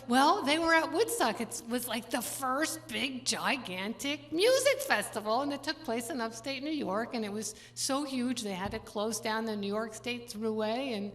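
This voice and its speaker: An older woman musician chatting with her audience between songs at a concert, rambling through anecdotes with quick laughs. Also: fairly high pitch, expressive, fairly bright tone. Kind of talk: stage banter between songs. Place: large church venue. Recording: live concert hall with long reverb and instrument.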